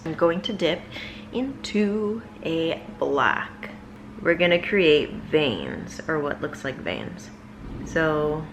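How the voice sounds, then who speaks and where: A woman talks through a makeup tutorial in a casual, chatty way with plenty of filler words. She speaks slowly in a fairly low voice, with a faint hiss behind her. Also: fairly bright tone. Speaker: makeup vlogger.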